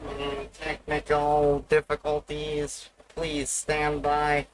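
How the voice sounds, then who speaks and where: A man's voice: fairly high pitch, monotone, a little hiss or hum, rough recording. A man voicing a male robot announcer, drawing out formal, stand-by style announcements. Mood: droning. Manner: drawn-out, formal announcement delivery. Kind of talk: live stream.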